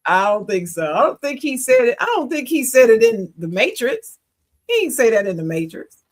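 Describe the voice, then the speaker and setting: A woman's voice: fairly high pitch, very animated, moderate pace. Woman, podcast co-host, casual and opinionated, chatty with easy laughs. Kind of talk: casual chat.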